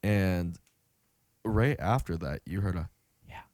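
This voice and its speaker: Profane rambling young man, low voice. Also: normal speed, no room sound, clean studio sound. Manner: profane, rambling storyteller, lots of fillers. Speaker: podcast host. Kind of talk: casual chat.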